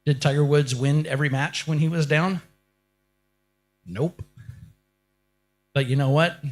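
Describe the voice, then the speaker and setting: A man with a fairly high voice gives a motivational keynote to a live crowd. He keeps asking the room rhetorical questions and drives each point home with short, emphatic lines. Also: steady tone, a little slow, darkish tone. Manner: emphatic, builds to punchy lines. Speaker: keynote speaker. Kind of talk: motivational speech.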